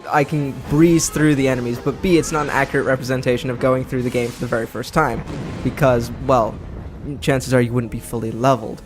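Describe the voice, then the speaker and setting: A man's voice: medium pitch, steady tone, brisk. A man from Britain giving chatty, sarcastic let's play commentary while he plays. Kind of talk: gameplay commentary. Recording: commentary over game music.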